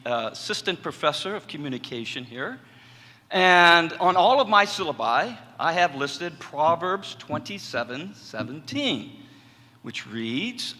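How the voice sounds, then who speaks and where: A middle-aged man, a communication professor, giving a conversational personal testimony to a college audience in a chapel hall. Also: on the high side. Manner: storytelling, animated and conversational.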